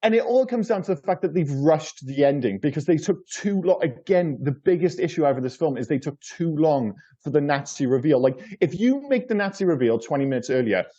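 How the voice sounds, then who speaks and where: Guy rambling on a film podcast, kinda high but mellow voice, dull lo-fi mic. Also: animated, brisk, few pauses. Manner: rambling, repeats words, swears casually. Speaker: podcast co-host. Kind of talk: casual film review chat.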